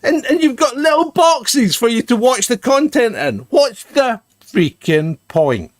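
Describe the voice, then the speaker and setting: A man's voice: extremely high pitch, big pitch swings, a little slow, no echo, clean studio sound. A man co-hosting an irreverent live commentary, sarcastic and ranting, laughing often.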